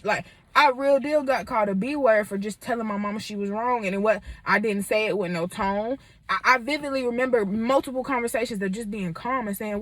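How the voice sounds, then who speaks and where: Twenties woman spilling her story on camera, candid, animated, kinda high voice, dry sound. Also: fairly quick, few pauses, dry recording. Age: 20s. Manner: candid and animated, lots of fillers. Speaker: vlogger. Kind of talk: personal storytelling.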